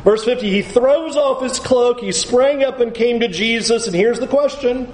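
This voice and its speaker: A man's voice: very high-pitched, normal speed, darkish tone, echoey room, low-quality recording. A male pastor preaching a sermon with emphasis, urging listeners to picture the scene.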